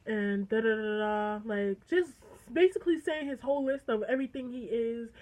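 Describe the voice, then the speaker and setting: A teenage girl casually telling a story, chatty and animated, acting out quoted lines and swearing freely. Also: on the high side, moderate pace, low-quality recording. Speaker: vlogger.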